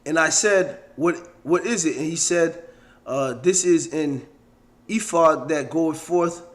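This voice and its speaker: A man leading a casual scripture study, blunt and coarse, slowing down to read verses aloud. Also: on the high side. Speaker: scripture teacher.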